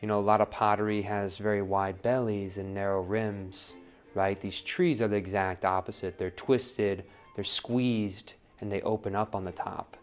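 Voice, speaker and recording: A man's voice: on the low side, little pitch movement, moderate pace, faint music behind. Chatty man narrating a pottery demo. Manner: casual, chatty, asks "right?" often, counts pulls aloud. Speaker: potter demonstrating wheel throwing. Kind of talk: live-streamed pottery demo. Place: pottery studio at the wheel.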